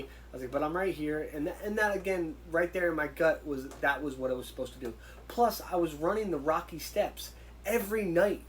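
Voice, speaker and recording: A man, a guest in an interview, telling stories in a casual, animated way and acting out the dialogue he quotes. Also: a little high, a little fast, a little hiss or hum, low-quality recording. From United States. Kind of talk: casual storytelling.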